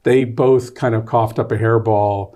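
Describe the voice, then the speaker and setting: A man being interviewed as a guest author and playwright. He is a lively storyteller who rambles, backs up and restarts. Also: medium pitch, unhurried. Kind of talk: casual interview.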